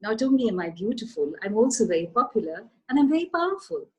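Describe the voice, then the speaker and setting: A woman's voice: a little high, sing-song, fast talker, a little mellow, slightly rough, highs cut off. A woman voicing a vain, proud female moon who speaks haughtily and indignantly. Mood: haughty.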